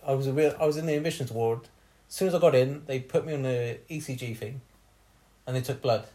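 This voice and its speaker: A man's voice: medium pitch, fast. Laughing man telling a bawdy story. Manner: laughs often, bawdy, animated retelling. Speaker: podcast host telling a story. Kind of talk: casual comic storytelling.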